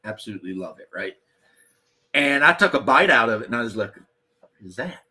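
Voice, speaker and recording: Husky man chatting bluntly. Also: medium pitch, expressive, quick pace, pushed and bright. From Eastern Kentucky, USA. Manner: rambling, profane, blunt. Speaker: podcast host. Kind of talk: casual chat.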